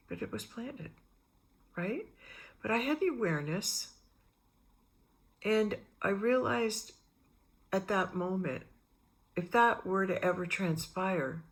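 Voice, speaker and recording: With a creaky, medium-pitched voice, a middle-aged woman talks about spiritual topics on her vlog. She meanders through personal stories, acting out what others said in animated re-enactments.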